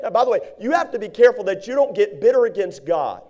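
This expressive male preacher reads King James scripture during his sermon, his high voice staying warm and mellow. He drops into quick impressions of the people in his stories.

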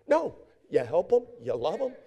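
A man preaching a sermon, repeating phrases in a steady cadence and acting out the people in his stories. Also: sits high, moderate pace, gravelly, husky. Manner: repetitive preaching cadence, acts out quoted voices. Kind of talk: sermon with storytelling.

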